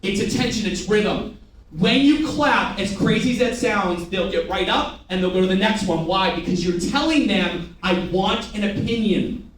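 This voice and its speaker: A man's voice: high voice, moderate pace. A man running a live sales training, firing rhetorical questions and getting the room to repeat after him. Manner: energetic, rhetorical questions, call-and-response with the room. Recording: echoey room from far off, faint noise.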